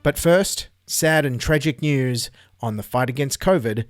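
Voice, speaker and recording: A man's voice: mid-range voice, measured pace, faint music behind. An Australian man hosting a comedic news podcast, delivering sarcastic, mocking commentary. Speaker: podcast host.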